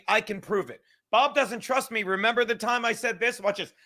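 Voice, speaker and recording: A man's voice: high-pitched, expressive, sharp tone. A man hosting a podcast, ranting sarcastically and with heavy profanity as he reacts to clips. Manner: sarcastic, profane, fast-building rant. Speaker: podcast host. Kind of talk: animated ranting commentary.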